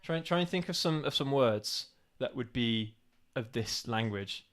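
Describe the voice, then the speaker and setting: A man's voice: mid-range voice, expressive, normal speed, a bit bright. A man co-hosting a casual live stream, laughing often and coaxing his partner along.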